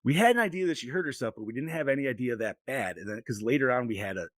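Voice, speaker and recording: In casual podcast chat, this middle-aged co-host spins long, meandering stories loaded with swearing. He talks very fast in an animated, mid-range voice, and the recording is dry.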